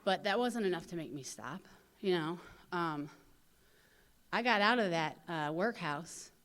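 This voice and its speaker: A woman's voice: lowish voice, a little slow. Candid woman telling her recovery story. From St. Louis, USA. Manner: candid, lively storytelling with many fillers and acted-out quotes. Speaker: recovery convention speaker. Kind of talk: personal recovery story told to an audience.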